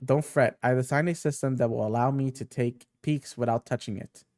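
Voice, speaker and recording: A man voicing an eccentric male genius scientist, reading the lines in a calm, matter-of-fact way. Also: medium pitch, fairly quick, no echo, studio quality, close to an everyday voice.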